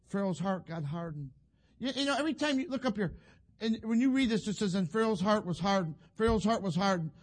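A male preacher, giving a folksy sermon that builds to fervent shouting. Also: high-pitched.

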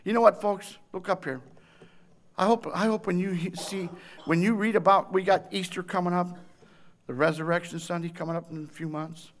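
A man preaching a sermon, with emphatic, repetitive phrasing that swings from shouted intensity to hushed tenderness. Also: high voice, steady tone, normal speed.

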